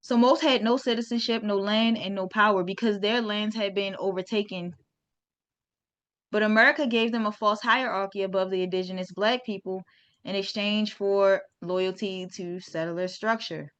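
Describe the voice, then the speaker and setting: A woman's voice: mid-range voice, fairly even intonation, normal speed, fairly bright tone, dull audio. A woman hosting a casual history talk for her viewers, informal and chatty, with slang and restarts. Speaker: host.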